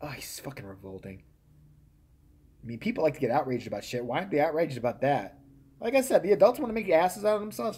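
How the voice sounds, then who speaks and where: A man hosting a live stream, ranting casually and profanely, jumping from loud outbursts to muttered asides. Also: fairly high pitch, husky.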